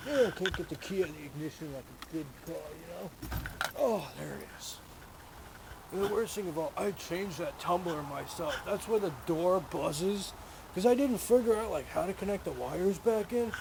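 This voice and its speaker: A man with a high, gravelly voice rambles through crude, profane jokes while working on his car in a garage. The recording is noisy, with garage sounds behind him. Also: lively intonation, normal speed. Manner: crude, profane joking banter.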